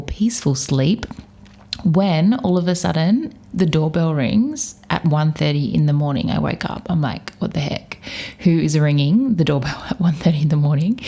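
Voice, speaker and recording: A woman's voice: low-pitched, creaky, dark tone. A young Australian woman from Perth, hosting a podcast and casually telling stories, laughing often. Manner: chatty, laughing, acts out scared voices. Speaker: podcast host. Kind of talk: casual storytelling.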